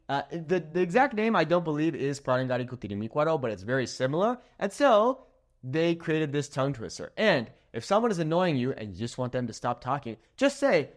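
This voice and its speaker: Upbeat young male language teacher, a native English speaker, speaking slightly high with lots of melodic rise and fall. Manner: upbeat, slows down to spell out words, checks in with "okay?". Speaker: Spanish teacher. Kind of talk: energetic language lesson.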